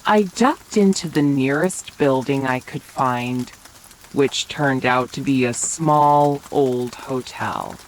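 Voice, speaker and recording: Low-voiced woman narrator, whispered role-play, slow and gentle for sleep. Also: slight background noise, poor audio. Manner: slow, soft bedtime narration. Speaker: storyteller. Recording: faint rain sounds behind.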